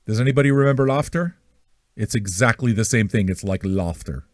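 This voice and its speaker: A man hosts an online music radio livestream, welcoming listeners with crude jokes, self-mockery, and profane, rambling banter. His voice is lowish and a little fast, recorded at studio quality with no echo.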